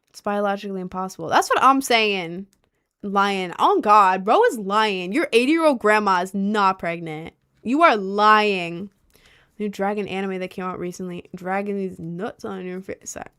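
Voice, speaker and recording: A young adult woman livestreaming, chatting casually and reacting to her chat with lots of slang and quick asides. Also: mid-range voice, fairly bright tone, smooth.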